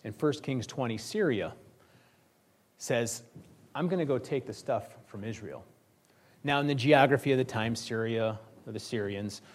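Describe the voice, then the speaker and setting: A male pastor preaching a sermon in a conversational, joking storytelling manner. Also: mid-range voice.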